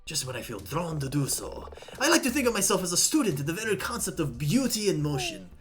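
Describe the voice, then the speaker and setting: A woman's voice: sits low, sing-song, moderate pace. A woman voicing a vain, pompous male photographer witness in an obnoxious, affected put-on accent, faint music behind. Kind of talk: voicing characters in a visual novel stream.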